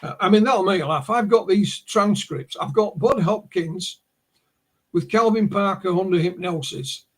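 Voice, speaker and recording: A man's voice: high voice, normal speed. A man with a northern English accent, a guest on a podcast interview, recounting a case as a story and often restarting his words. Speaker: guest researcher.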